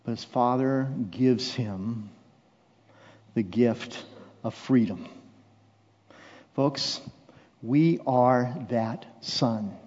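Slow, impassioned male preacher in a hall. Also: mid-range voice. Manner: swings from hushed intimate lines to loud impassioned declarations. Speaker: pastor. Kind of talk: sermon. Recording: dull sound with long hall reverb.

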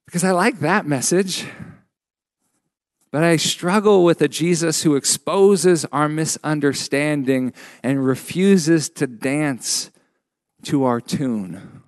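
A man preaching a sermon as a pastor, measured and emphatic with frequent pauses. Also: a little high, no room sound, studio quality.

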